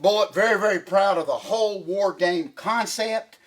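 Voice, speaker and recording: A middle-aged man hosting casual chat, excitable and rambling with many restarts. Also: high-pitched, normal speed. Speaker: podcast host.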